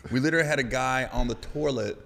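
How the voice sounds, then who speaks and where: A man's voice: medium pitch, fast, creaky, long reverb tail. A man from Ohio, a comedian guest telling funny stories on a podcast and acting out the people in them. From Ohio, USA. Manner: animated, acts out people in the story. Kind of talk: comic storytelling on a podcast.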